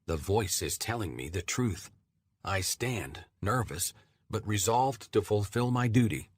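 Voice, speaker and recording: Audiobook narrator: man, low husky voice, dry studio sound, steady measured read. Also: no room sound. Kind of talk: scripted first-person narration.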